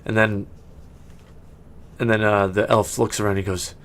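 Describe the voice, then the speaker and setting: A man's voice: on the low side, little pitch movement, normal speed, a bit bright. A man running a tabletop game as game master, narrating in a rambling way with many restarts and frequent laughs. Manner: rambling, full of fillers and restarts, laughing often.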